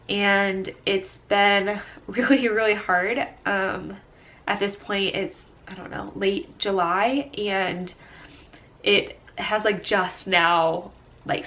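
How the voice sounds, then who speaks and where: A woman's voice: medium pitch, a bit bright. A young woman in her twenties, a stay-at-home mom, talking through tears in a casual personal vlog; she sounds congested and sniffly and rambles with many fillers and restarts.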